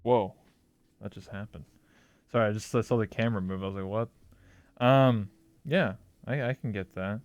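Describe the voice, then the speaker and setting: Playful male host with a smooth voice. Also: lowish voice, a little fast, no echo, faint music behind. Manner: playful, jokey. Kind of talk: casual chat.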